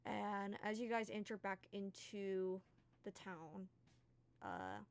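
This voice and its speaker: A woman narrating a tabletop game as game master, casual and halting, with fillers. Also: medium pitch, very animated, vocal fry.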